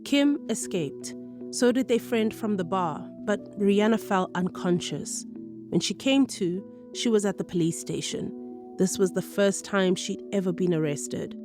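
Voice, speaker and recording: A woman narrating a radio documentary in a measured, clear storytelling manner. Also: mid-range voice, music in the background.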